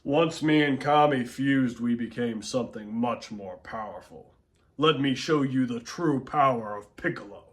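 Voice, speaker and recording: A man voicing a stern, proud male alien warrior who speaks in a gruff, measured way. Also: mid-range voice, close to an everyday voice.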